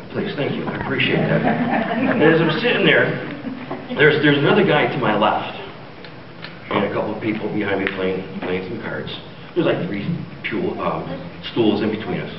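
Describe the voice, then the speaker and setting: A man doing a stand-up comedy set in a church hall, telling a story and acting out the dialogue in high voices. The audience laughs. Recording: distant, muffled, noisy recording in a roomy hall.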